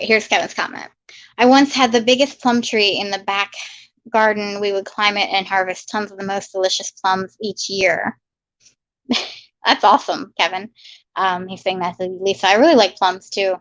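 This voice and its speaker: A woman's voice: medium pitch, fairly bright tone, no echo. A woman hosting a casual livestream, chatting and reading viewer comments aloud with upbeat greetings. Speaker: livestream host. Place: home in Maryland. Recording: slightly muffled, dry lo-fi sound.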